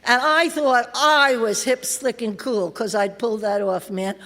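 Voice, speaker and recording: A woman's voice: a little high, steady tone, unhurried, fairly bright tone. A middle-aged woman telling her recovery story at a convention, wry and streetwise, laughing as she goes. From California. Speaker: AA convention speaker. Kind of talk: recovery talk, personal story. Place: convention hall. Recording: live convention hall reverb.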